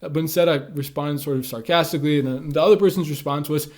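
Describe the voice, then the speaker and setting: A man's voice: on the high side, fairly even intonation, fast, a little mellow. A man giving casual advice on conversation skills, talking loosely with lots of filler words. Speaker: communication tips creator. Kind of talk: casual instructional talk to camera.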